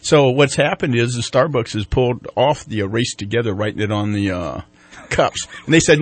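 A man hosting a local radio talk show, telling stories in a lively, chatty way and laughing often. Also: medium pitch, normal speed, no echo. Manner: animated storytelling, laughs often. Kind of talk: casual radio chat.

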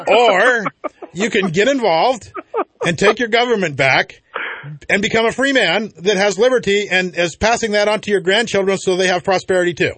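A man's voice: high-pitched, moderate pace, fairly bright tone, no echo. Conversational male radio host, dry studio sound. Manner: conversational, agreeable, chuckling at own jokes. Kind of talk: political talk radio chat.

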